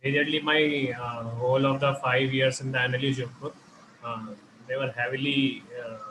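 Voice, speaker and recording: A man from India as an interview guest, talking hesitantly with many fillers in an online interview. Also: medium pitch. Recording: noisy background.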